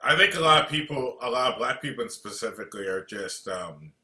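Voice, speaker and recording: A man hosting a comedy podcast, animated and opinionated. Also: mid-range voice, fairly quick. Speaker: podcast host. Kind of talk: casual chat. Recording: echoey room.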